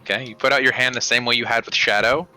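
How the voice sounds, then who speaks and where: A man's voice: medium pitch, steady tone, fast talker, bright, forceful tone, soft background music, poor audio. A man narrating as dungeon master of a tabletop game, describing scenes with frequent ums and restarts. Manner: descriptive, hesitant with many ums.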